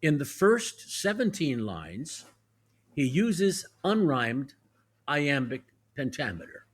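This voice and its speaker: A man's voice: on the high side, takes it slowly, husky. A man who is a guest actor and professor, explaining verse in a teacherly way, step by step, in a podcast conversation. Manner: teacherly, lively, walks through examples step by step.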